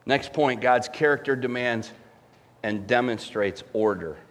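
A man preaching a sermon as pastor, emphatic and animated, swinging between loud swells and quiet drops. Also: medium pitch, measured pace.

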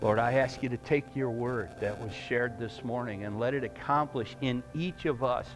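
A man preaching a sermon in a church, emphatic and rising loud, then praying in a hushed voice. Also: medium pitch, moderate pace, music in the background. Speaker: pastor. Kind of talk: sermon and closing prayer. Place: church sanctuary.

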